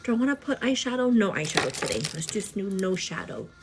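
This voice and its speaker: A pregnant young woman chatting casually to her viewers while getting ready at home, animated and full of fillers. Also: mid-range voice, quick pace, loud music behind the voice. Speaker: vlogger. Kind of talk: casual get-ready-with-me chat.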